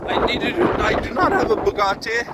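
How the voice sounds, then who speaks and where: A man's voice: very high-pitched, lively intonation, normal speed. A man in his thirties vlogging while walking on a beach, rambling in a mock-grand, jokey, profane way and a little out of breath. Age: 30s. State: tired, slightly out of breath from walking. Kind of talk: casual walking vlog. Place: outdoors on a windy beach. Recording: wind noise over phone mic.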